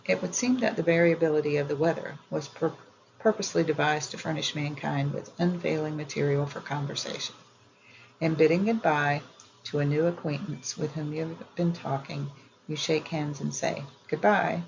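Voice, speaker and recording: A woman reading an old etiquette book aloud in a measured, even way. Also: low voice, vocal fry, lo-fi sound, a little hiss or hum. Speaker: audiobook reader.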